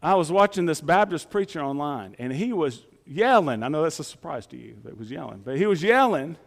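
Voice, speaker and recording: A man's voice: a little high, very animated, fairly quick, gravelly, big-room sound. A male pastor preaching a sermon in a folksy, conversational way, often asking the congregation rhetorical questions.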